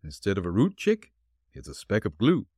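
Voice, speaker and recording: A man reading the part of a calm, shrewd male detective who explains his clues dryly. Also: on the low side, husky, dry recording, heavily acted. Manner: dry, explanatory, deliberate.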